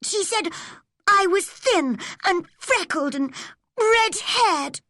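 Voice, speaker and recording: A woman reading an audiobook voices a proud, quick-tempered red-haired orphan girl with high, shrill outbursts. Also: lively intonation, pushed and bright, no room sound, studio quality, exaggerated voice. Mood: indignant.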